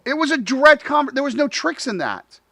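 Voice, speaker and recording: A man's voice: very high voice, big pitch swings, brisk, vocal fry, bright, forceful tone, slight background noise. A man hosting a live talk show, chatting casually and acting out dialogue, laughing often.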